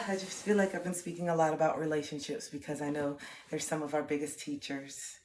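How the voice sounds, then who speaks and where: A woman's voice: low-pitched, brisk. A woman in her thirties livestreaming, talking reflectively about healing and gratitude in a casual way. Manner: reflective, spiritual, breaks into laughter and excited chanting. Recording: roomy echo.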